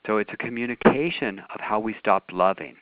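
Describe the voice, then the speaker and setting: A man with a lowish voice explains ideas calmly to a group, leading the session as teacher. His sound is dry and squeezed into a narrow, phone-like band. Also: a little fast, no echo. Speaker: workshop teacher. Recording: phone-like call audio.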